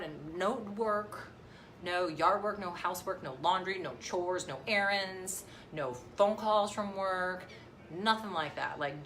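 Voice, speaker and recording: Casting: rambling mom vlogger, a woman with a low, bright voice, faint outdoor ambience. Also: slight background noise. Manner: rambling, chatty, many fillers and restarts. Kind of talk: casual live-stream chat. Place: outdoors near the beach. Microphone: phone live stream.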